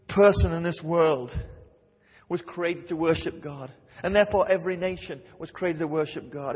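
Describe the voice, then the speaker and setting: A man with a fairly high, darkish, husky voice preaches a fervent sermon, repeating key phrases for emphasis and quoting scripture aloud. The recording is lo-fi with hall reverb.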